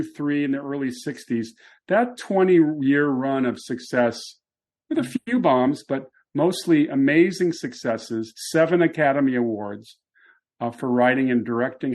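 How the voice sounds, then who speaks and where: A man's voice: medium pitch, darkish tone. A man co-hosting a podcast about classic Hollywood, explaining films in a thoughtful, conversational way. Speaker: podcast co-host. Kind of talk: casual film discussion.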